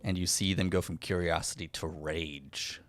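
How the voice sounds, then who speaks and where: A man with a very low voice narrates an improvised fantasy adventure as game master. His delivery is relaxed and chatty, and he laughs often. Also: normal speed, dry recording.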